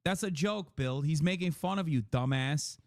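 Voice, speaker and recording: A man's voice: on the high side, normal speed, dry recording, studio quality. A young man livestreaming his reaction to a clip, rambling and cursing as he picks apart the argument. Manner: excited, profane, analytical rambling. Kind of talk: live-stream reaction commentary.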